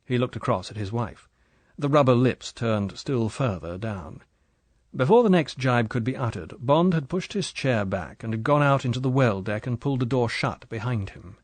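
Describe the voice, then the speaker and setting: Male audiobook narrator, measured delivery, dry booth sound. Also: mid-range voice, expressive, no echo. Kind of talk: scripted narration.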